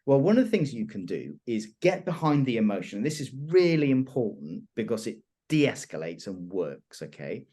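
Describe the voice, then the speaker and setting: A man trainer teaching influence techniques in an animated, expressive conversational way. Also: medium pitch, normal speed, hardly any pauses, breathy edge. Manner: animated, expressive, laughs often.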